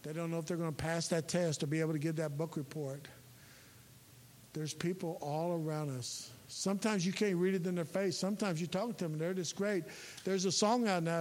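A chaplain preaching a sermon in a folksy, emphatic way, his voice rising to loud peaks. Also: on the high side. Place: church sanctuary. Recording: reverberant hall with faint hiss.

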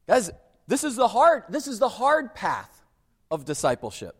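A man preaching a sermon, emphatic and animated, dropping suddenly to a hush for weight. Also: high voice, moderate pace, breathy edge, long reverb tail. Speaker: pastor.

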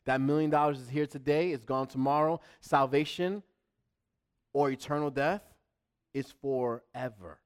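A middle-aged male pastor preaching a sermon, emphatic, repeating himself and swinging between loud and hushed. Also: mid-range voice, steady tone, a little slow, smooth.

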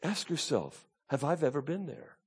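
A man's voice: big pitch swings, normal speed, breathy edge. Impassioned male preacher. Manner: rises to loud, high, pleading tones when voicing the psalmist; drops to low, quiet asides between passages. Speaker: pastor. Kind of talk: sermon.

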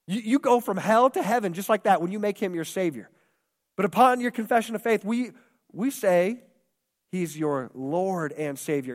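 A man's voice: high-pitched, lively intonation, moderate pace. A man preaching a sermon as pastor, impassioned and repetitive, acting out quoted voices. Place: church hall. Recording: long hall reverb.

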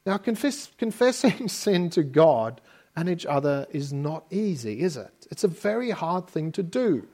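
A man's voice: a little high, big pitch swings, a little slow, a little mellow. A man preaching a sermon as pastor, in a conversational way with homely stories from family life and frequent checks like "okay?". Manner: conversational preaching with personal anecdotes; frequent restarts, asks listeners "okay?".

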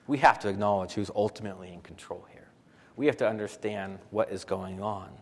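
A man preaching a sermon as pastor, animated and full of rhetorical questions, often repeating phrases for emphasis. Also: lowish voice, brisk, big-room sound.

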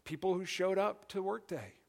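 A middle-aged male pastor preaching a sermon in an earnest, conversational way, dropping to quiet emphasis. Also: high voice, moderate pace, gravelly.

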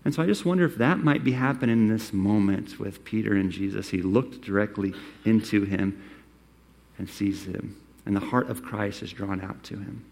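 A man preaching a sermon, acting out quoted lines and swinging between loud, emphatic phrases and hushed ones. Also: fairly low pitch, moderate pace, creaky. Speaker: pastor.

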